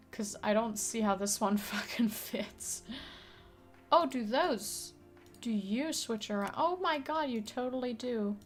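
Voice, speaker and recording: Her voice sits at a medium pitch with a fairly bright tone. Playing a puzzle game on stream, this non-native English speaker rambles along casually, laughing, swearing lightly and leaning on plenty of fillers.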